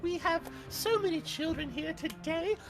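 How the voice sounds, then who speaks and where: A woman's voice: very high voice, normal speed, over music, voice pushed up. A woman voicing a rambling, apologetic townswoman at a festival in a tabletop game. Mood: flustered chatty. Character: flustered chatty festival townswoman.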